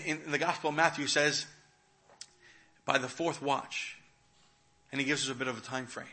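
A man preaching a sermon, retelling a scripture story and swinging between hushed, quiet moments and loud, dramatic ones. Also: a little high. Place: church.

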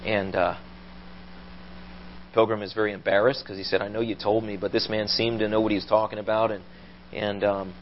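A man preaching a sermon, telling stories with animated delivery and loud quoted voices. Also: on the low side, brisk, long pauses, muffled recording, a little hiss or hum. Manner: animated storytelling, rising to loud acted quotes. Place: church.

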